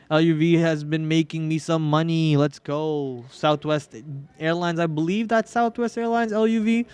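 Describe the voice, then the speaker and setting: Smooth-voiced young man, casual trading host. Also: fairly high pitch, fairly even intonation, fairly quick, no echo. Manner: joking, melodramatic whining about losses. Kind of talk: casual live trading commentary.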